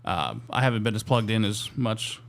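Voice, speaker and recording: A man's voice: on the low side, animated, normal speed, gravelly. A man co-hosting a casual podcast chat, rambling and correcting himself as he goes, with a teasing streak. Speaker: co-host.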